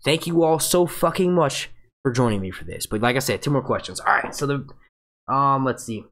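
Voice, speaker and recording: Excitable, profane man streaming live. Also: mid-range voice. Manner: excitable, profane and jokey, does quick impressions. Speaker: livestream host. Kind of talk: casual live show breakdown. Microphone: webcam mic with green screen.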